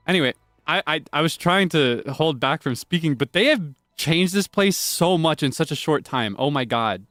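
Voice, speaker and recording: Excitable man streaming a game. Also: on the high side, a little slow, no room sound, studio quality, soft background music. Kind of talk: live gameplay commentary.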